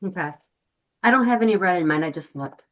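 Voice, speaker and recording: A woman's voice: fairly low pitch, expressive, fast talker, background noise. Woman client giving brief replies. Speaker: coaching client. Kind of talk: coaching call.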